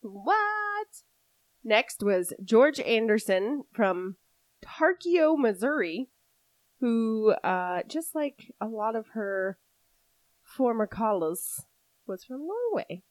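A woman co-hosting a casual true-crime podcast, telling the story in an animated way and often laughing. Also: a little high, slow, no room sound. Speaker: podcast co-host.

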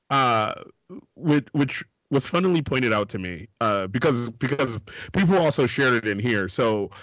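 A man co-hosting a podcast in loose, casual chat. He laughs a lot, swears freely and slips into quick voices for the people he quotes. The sound is slightly dull and dry. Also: mid-range voice, fairly bright tone, no room sound. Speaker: podcast co-host.

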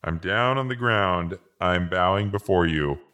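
A man's voice: low-pitched, unhurried, sharp tone. A man improvising as a nervous, apologetic traveler who stammers and pleads. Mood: pleading. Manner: stammering, pleading, giggling through lines. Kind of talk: improvised comedy role-play.

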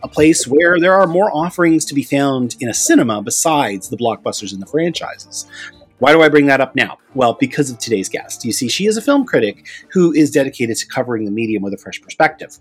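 A man's voice: mid-range voice, animated, fairly quick, slightly rough, soft background music. A middle-aged man from Canada hosting a film podcast, chatty and self-mocking as he talks with his guest. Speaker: podcast host. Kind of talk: casual podcast chat and intro.

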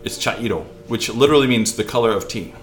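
A man's voice: medium pitch, a little hiss or hum. A man co-hosting a podcast in casual chat, joking, riffing on words and laughing easily. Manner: jokey, quick to laugh, riffs on words. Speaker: podcast co-host.

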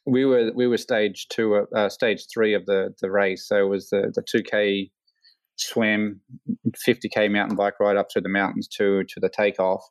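An Australian man with a fairly low voice tells a long story in a relaxed interview, leaning on fillers and slipping into livelier voices when he quotes people. The sound is dry and close, with no room echo. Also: moderate pace. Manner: rambling, many fillers, animated quoting. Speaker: hang glider pilot, guest.

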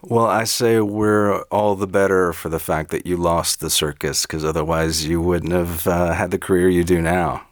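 A man's voice: deep voice, steady tone, moderate pace, few pauses, no echo, clean studio sound. A man hosting a casual interview, giving short friendly prompts and reactions to his guest. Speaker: interview host.

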